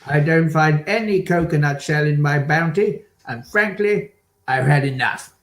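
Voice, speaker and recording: A man playing an indignant complainer with a slow, deadpan, crude delivery on a video call. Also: on the high side, reverberant. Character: indignant man complaining about chocolate bars. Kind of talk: improv comedy character.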